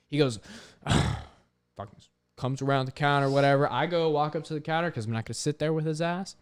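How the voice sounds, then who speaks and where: Animated young man telling a story. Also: fairly high pitch, fairly quick, clean tone. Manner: animated, swears often, heavy use of "like". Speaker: podcast host. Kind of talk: casual storytelling.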